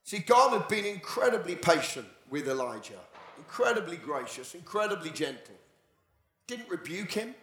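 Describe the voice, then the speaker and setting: A male pastor preaching a sermon, moving from dramatic, animated storytelling to hushed, near-whispered passages. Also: sits high, normal speed. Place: church. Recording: echoey church hall.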